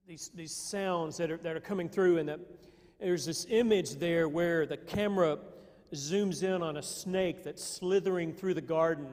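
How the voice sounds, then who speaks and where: Conversational preacher in a reverberant church. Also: male voice, a little high, a little mellow. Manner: conversational, halting with restarts. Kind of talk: sermon. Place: church sanctuary. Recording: long hall reverb.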